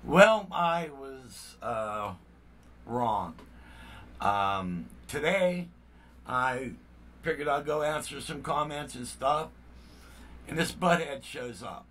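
A man's voice: medium pitch, lively intonation, slow, pauses often, fairly bright tone, recorded from a distance, slight background noise. An older man, a musician hosting his own channel, talking to viewers in a blunt, rambling way, full of "you know what I mean.". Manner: heated and indignant. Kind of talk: casual vlog talk to viewers.

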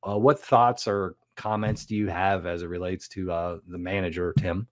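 A man's voice: low voice, steady tone, normal speed, dry recording, clean studio sound. A man co-hosting a casual business talk, speaking in a reflective coaching way with frequent restarts. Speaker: podcast co-host.

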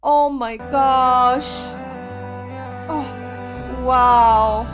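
A woman's voice: sits high, steady tone, extremely slow, highs cut off. A woman hosting a music video reaction, talking emotionally with frequent awed exclamations.

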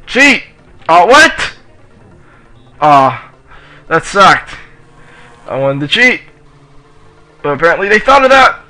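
Excitable man, very bright, lively voice. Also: fairly high pitch, measured pace, long pauses, rough recording. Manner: excitable, yells at the racers in the game. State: sore throat. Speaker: gamer playing on his channel. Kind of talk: casual let's play commentary.

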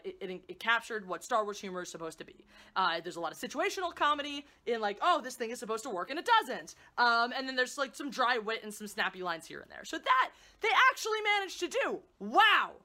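Sarcastic, animated woman ranting a review. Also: on the high side. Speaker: movie reviewer.

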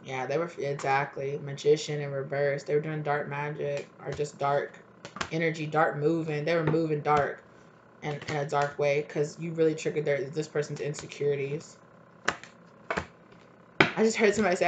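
A woman's voice: low voice, steady tone, moderate pace, slight background noise. A woman doing a casual tarot reading for her channel, chatty and blunt and full of fillers. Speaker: tarot reader.

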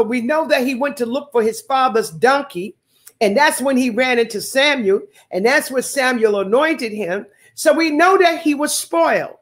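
A woman preacher giving a sermon, repeating phrases and calling out hallelujahs to the congregation. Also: high-pitched.

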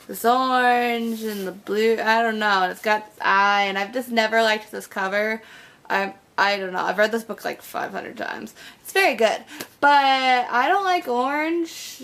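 A woman's voice: high-pitched, a bit bright, slight background noise. A young woman chatting casually in a bookshelf tag vlog, bubbly and full of fillers. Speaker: book vlogger.

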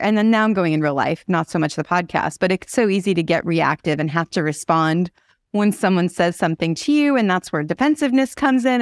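A woman's voice: on the low side, no room sound, clean studio sound. A woman hosting a podcast, enthusiastic and affirming toward her guest. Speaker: podcast host. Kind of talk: casual podcast interview.

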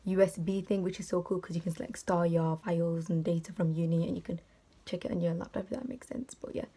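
A woman's voice: on the low side, fairly even intonation, fast, warm tone, husky. A young woman, chatting casually in a student vlog as she moves between bus stops and home. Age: young adult. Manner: chatty, rambling, says "literally" a lot. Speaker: student vlogger. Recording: noisy outdoor phone audio.

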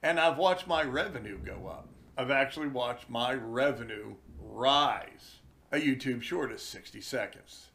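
A man's voice: medium pitch, expressive, vocal fry, fairly bright tone. A man who runs fishing charters, telling wry stories in a chatty, casual vlog from his den indoors. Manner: slow, chatty, wry storytelling.

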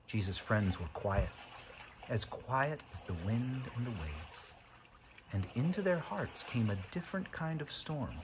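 A man narrating a children's Bible storybook in an expressive, dramatic way. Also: mid-range voice, a little slow, background noise.

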